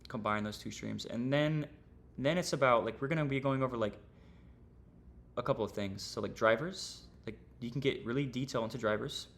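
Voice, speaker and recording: A man's voice: mid-range voice, a little fast, vocal fry, fairly bright tone. A young man teaching trading on a livestream, casual and rambling, full of slang and fillers. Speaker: trading streamer.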